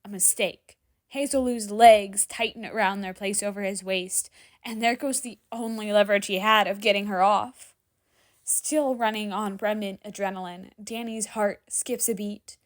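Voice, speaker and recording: A woman reading fan fiction aloud in dramatic story narration, expressive and sometimes dropping to a hushed whisper. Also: medium pitch. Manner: expressive, drops to hushed whispers in tense moments. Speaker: fanfiction reader.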